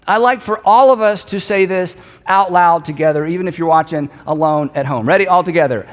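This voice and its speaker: A middle-aged man delivers a sermon with a fairly high voice, loose and conversational in his storytelling. He turns emphatic on repeated key lines. His voice carries a long reverb tail from a large auditorium. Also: a little fast. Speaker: pastor.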